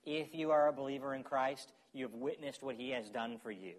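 A man's voice: mid-range voice, fairly quick. A man preaching a sermon in a conversational way, often checking in with his listeners. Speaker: pastor.

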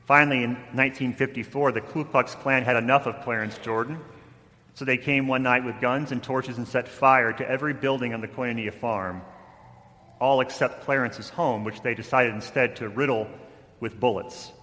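Bright-voiced male preacher in a hall. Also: mid-range voice, fairly even intonation, normal speed. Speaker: pastor. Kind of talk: sermon.

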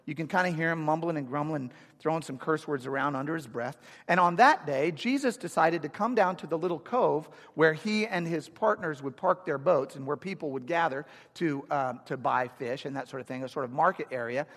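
A man in his thirties preaching a sermon to a congregation, energetic and humorous, talking to them in a conversational way. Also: a little high. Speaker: pastor. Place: church sanctuary. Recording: long reverb of a large hall.

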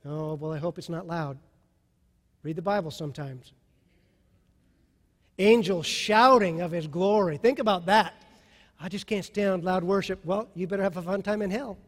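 A male pastor preaching a sermon with passion, dropping soft and then rising to loud. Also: sits high, normal speed, long pauses, big-room sound.

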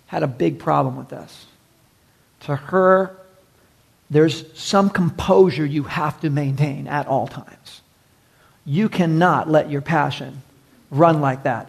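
A man preaching a sermon, animated, moving from hushed lines to shouting. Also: on the high side, vocal fry. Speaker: pastor.

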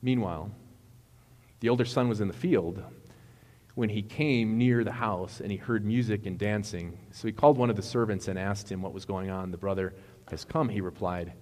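Man, pastor, conversational sermon, self-correcting, lowish voice, echoing hall. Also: normal speed, a little mellow. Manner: conversational, self-correcting, retells movie scenes. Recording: long reverb of a hall.

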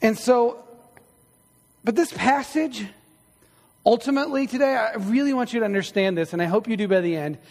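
A middle-aged male pastor with a high-pitched voice preaches in a church sanctuary, his voice carrying through the large hall. His sermon is conversational and built on stories, with self-deprecating humor.

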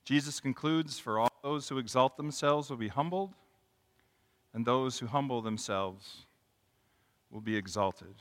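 A man preaching a sermon as a pastor, moving from quiet reflection to impassioned emphasis. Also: mid-range voice, unhurried, pauses often, in a large hall.

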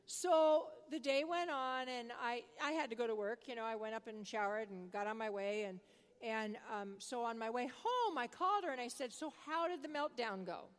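An older woman preaching a sermon, telling a family story in a conversational, animated way. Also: on the high side, normal speed, smooth. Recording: long reverb of a large hall.

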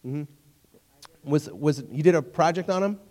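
A young man giving a sermon as a youth pastor, telling stories in a joking, animated way and talking straight to his audience. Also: a little high, moderate pace. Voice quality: storytelling, jokey and animated, talks to crowd. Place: church hall. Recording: long hall reverb.

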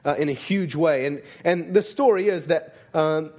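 A man's voice: on the high side, normal speed, a little mellow. A man preaching a sermon in a conversational way, often asking "right?" and restarting his sentences. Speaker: pastor.

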